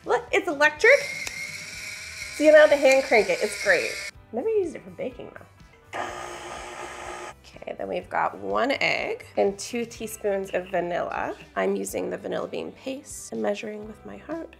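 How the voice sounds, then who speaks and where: A woman's voice: mid-range voice, big pitch swings, normal speed, creaky, a bit bright, soft background music. Chatty woman hosting a baking video. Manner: chatty and upbeat, thinks aloud while working. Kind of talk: casual baking vlog chat. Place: home kitchen.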